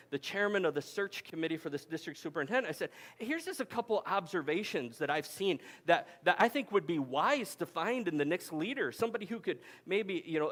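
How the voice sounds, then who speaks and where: A man in his forties delivers a sermon with a notably high voice. He tells stories in a loose, conversational way, often doubling back on his words as he goes. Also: a bit bright. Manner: conversational storytelling with frequent restarts. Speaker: pastor. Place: camp meeting hall.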